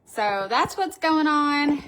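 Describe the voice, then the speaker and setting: A woman's voice: sits high, big pitch swings, slow, fairly bright tone. A middle-aged woman, hosting a casual live stream from her wreath shop, gushing and chatty as she answers viewers.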